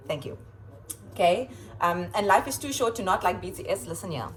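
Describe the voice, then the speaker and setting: A woman schoolteacher chatting casually in her home kitchen as she reads out quotes and adds playful, expressive asides. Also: medium pitch, brisk, poor audio. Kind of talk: casual vlog chat reading kids' quotes aloud.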